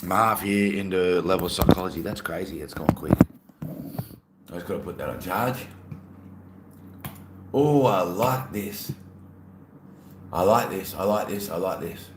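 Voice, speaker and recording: A man's voice: low voice, moderate pace. A man casually chatting to his live-stream chat, playful and reading messages aloud. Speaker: livestreamer. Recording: echoey room, faint ambient noise.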